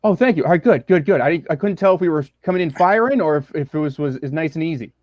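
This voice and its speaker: Man in his thirties, from Boston, lively high voice, muffled call audio, easygoing and laughing. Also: quick pace, no room sound. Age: 30s. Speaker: podcast guest. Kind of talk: casual podcast conversation. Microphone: video call from his room.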